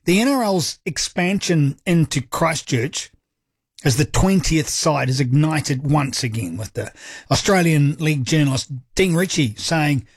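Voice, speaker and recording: A man's voice: fairly high pitch, animated, measured pace, breathy edge, no echo, clean studio sound. A man with a New Zealand accent hosting a talkback sports radio show, chatty and jokey in an upbeat way. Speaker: radio sports talk host. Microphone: studio microphone.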